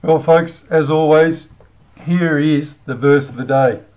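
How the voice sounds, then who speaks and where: A man's voice: on the high side, fairly even intonation, takes it slowly, a little mellow, poor audio. Blunt, heated Australian man ranting. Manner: blunt, heated, swears freely. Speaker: channel host. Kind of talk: ranting commentary with prayer.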